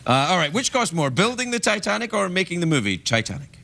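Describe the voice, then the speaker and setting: A middle-aged man hosting a late-night chat show, joking in a playful, animated way. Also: sits high, quick pace, creaky. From Scotland. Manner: playful, jokey, animated delivery. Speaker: talk show host. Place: TV studio with audience.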